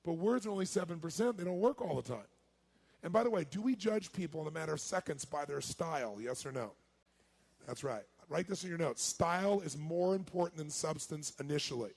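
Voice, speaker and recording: A man giving a live seminar talk as a motivational speaker, energetic and quizzing his audience. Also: a little high, fairly quick. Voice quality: raspy, gravelly.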